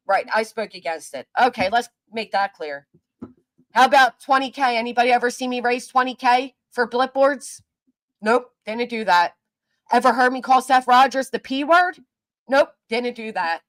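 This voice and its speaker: Woman streamer on a heated, profane live rant, answering chat, slightly high voice. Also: normal speed, fairly bright tone. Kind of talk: angry livestream rant.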